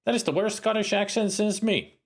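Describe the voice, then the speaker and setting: A man's voice: sits high, brisk. A man streaming a retro adventure game, chatting and joking casually as he plays. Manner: chatty, animated, jokey. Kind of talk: casual let's-play commentary.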